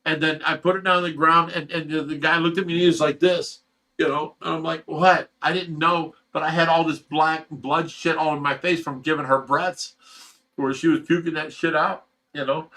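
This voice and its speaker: A man's voice: fairly high pitch, fairly even intonation, normal speed, sharp tone, low-quality recording. A middle-aged man telling a personal story in casual chat, emotional and rambling, swearing freely. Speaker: fish rescue owner.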